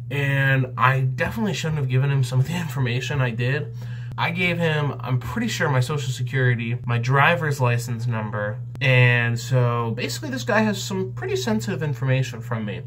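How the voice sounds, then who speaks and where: A young man vlogger telling a comedic story in an animated, excitable way. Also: moderate pace, a little hiss or hum. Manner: animated, excitable, jumps in pitch.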